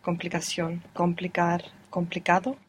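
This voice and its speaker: Breathy woman learning a language. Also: fairly low pitch, completely flat delivery, normal speed. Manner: tentative, thinks aloud while answering. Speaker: language student. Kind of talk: learner answering in a lesson.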